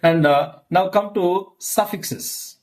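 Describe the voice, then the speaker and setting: A male lecturer teaching a pronunciation lesson, slow and deliberate, repeating each example word several times. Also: high voice. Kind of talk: slide-based English pronunciation lesson.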